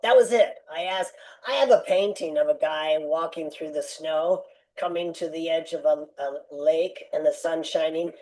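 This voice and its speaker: Older woman with a mellow voice telling her story. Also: fairly low pitch, low-quality recording. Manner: animated, acts out quoted lines. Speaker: interview guest. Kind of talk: storytelling in a podcast interview.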